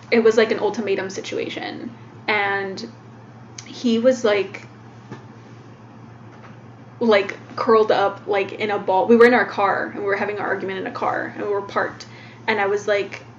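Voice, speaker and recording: A woman co-hosting a podcast in casual chat, talking freely with many fillers and curse words. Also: mid-range voice. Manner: chatty, full of "like" and swearing. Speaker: podcast co-host. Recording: dull lo-fi sound with faint noise.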